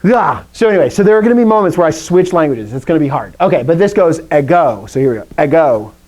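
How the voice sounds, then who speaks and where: A man teaches an adult Greek class and leads his students through recitation drills. His voice sits fairly high and has a mellow, dark tone. He keeps things upbeat, calling out each form for the class to repeat. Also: animated, fast talker, poor audio.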